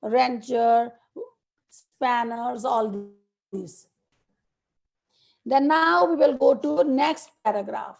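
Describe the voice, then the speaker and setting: A woman with a Nepali accent teaching young children in an online class over a video call, slowly dictating words one by one and repeating them. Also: on the high side, creaky. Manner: slow, repetitive dictation to students.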